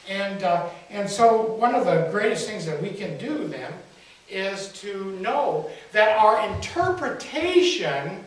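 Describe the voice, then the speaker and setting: A man's voice: sits high, big pitch swings, slow. A man giving a folksy inspirational talk at a spiritual center, telling a story and asking the audience questions. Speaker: spiritual speaker. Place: large hall at a spiritual center. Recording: echoey hall, distant mic, faint hiss.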